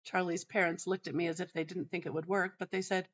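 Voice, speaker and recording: Calm woman telling a story, lo-fi. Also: on the low side, quick pace. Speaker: host and teacher. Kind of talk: narrating a personal teaching anecdote. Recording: dull lo-fi sound.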